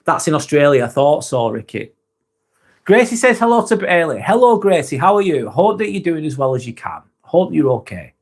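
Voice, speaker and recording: Casual male livestream host, slightly higher voice, relaxed and chatty, reads comments out, swears, laughs easily. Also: normal speed. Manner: laid-back, swears freely, laughs often; reads viewer comments aloud. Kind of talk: casual live chat.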